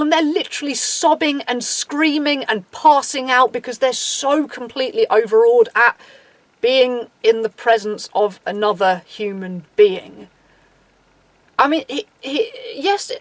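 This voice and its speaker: A woman's voice: fairly high pitch, dry recording. A woman in her thirties with an English accent, talking through her opinions in a casual monologue, restarting often and acting out quotes. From England. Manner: chatty and opinionated, with many restarts and acted-out quotes. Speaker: podcast host.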